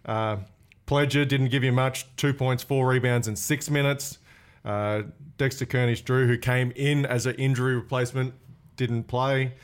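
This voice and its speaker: Man reeling off stats calmly. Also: mid-range voice, normal speed, smooth. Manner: steady stat-listing, dry jokes. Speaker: basketball podcast co-host. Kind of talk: casual sports chat.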